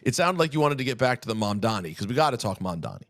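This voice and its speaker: A man's voice: medium pitch, racing, no echo, clean studio sound. A man hosting a podcast, chatting casually with a wry, joking manner. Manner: wry, jokey, lively rise and fall. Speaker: podcast host. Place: podcast studio. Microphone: studio mic.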